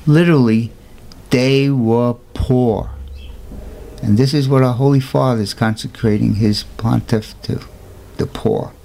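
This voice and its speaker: A man's voice: fairly even intonation, measured pace, creaky, warm tone, slight background noise. A man telling the story of a saint in an informal, earnest way, with emphatic rhetorical questions. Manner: earnest, emphatic, rhetorical questions, raises pitch for quoted voices. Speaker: storyteller presenting a saint's life.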